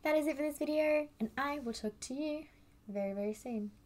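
A woman's voice: high-pitched, fairly quick. Gushing woman reacting on camera. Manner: gushing, excitable, repeats words, swears casually. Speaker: YouTuber reacting to a music video. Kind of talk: casual reaction vlog.

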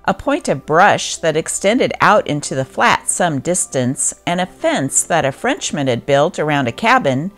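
A woman narrates an old first-person newspaper account in a lower voice that rises and falls with lively swings. She reads it through at a steady pace as scripted narration. Faint music plays underneath. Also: measured pace, hardly any pauses. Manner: steady read-aloud of a first-person war memoir.

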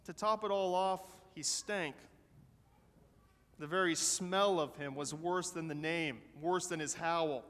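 A man pastor unhurriedly telling a story from the pulpit, his voice a touch high for a man. He tells it with animation and gives each character a voice. A long reverb from the church sanctuary trails each phrase. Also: a bit bright. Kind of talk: sermon storytelling.

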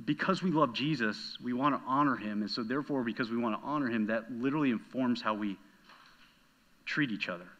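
A man preaching a sermon as pastor, telling a personal story in an animated, conversational way. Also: medium pitch, brisk, lo-fi sound. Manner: animated storytelling, talking straight to the congregation.

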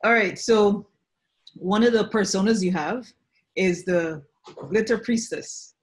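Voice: mid-range voice, slow pace, breathy edge. An interviewer on a video call asking hesitant questions with fillers. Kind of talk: casual interview.

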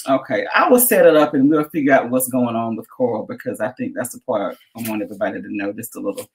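A woman's voice: rumbling low, fast talker, poor audio. A woman author chatting animatedly and reading aloud from her own story. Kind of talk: casual chat and reading from her book.

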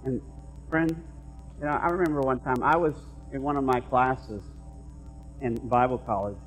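A middle-aged man preaching a sermon as pastor, moving between quiet conversational asides and loud, emphatic repeated lines. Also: medium pitch, moderate pace, soft background music, poor audio. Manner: conversational preaching that swings from hushed asides to raised emphatic repetition.

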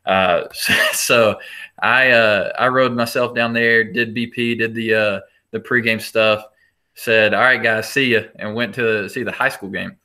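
This is a man with a low, forceful, bright voice. He tells his coaching stories in a casual interview, animated and chatty, and he laughs as he restarts his sentences. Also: unhurried. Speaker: assistant baseball coach.

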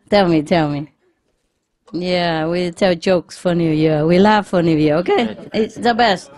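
A woman's voice: fairly low pitch, a little mellow. A woman spiritual teacher telling jokes in a casual lecture, chatty and laughing often.

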